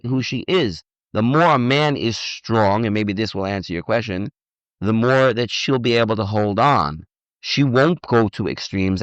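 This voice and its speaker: Animated low-voiced man lecturing. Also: no room sound. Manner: animated, repeats words, acts out dialogue. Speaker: rabbi teaching on marriage. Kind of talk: informal lecture with audience questions. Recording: dull lo-fi dry recording.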